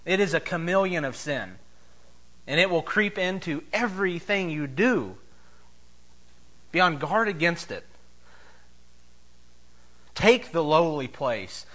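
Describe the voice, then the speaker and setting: A man preaching a sermon as pastor, emphatic, swinging between loud declarations and soft, low asides. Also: animated, slow, pauses often.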